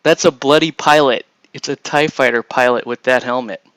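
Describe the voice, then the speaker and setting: Bright-voiced man chatting. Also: mid-range voice, steady tone, moderate pace, no echo, rough recording. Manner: rambling, chuckling, trails off and restarts. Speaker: host. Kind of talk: casual chat while assembling miniatures.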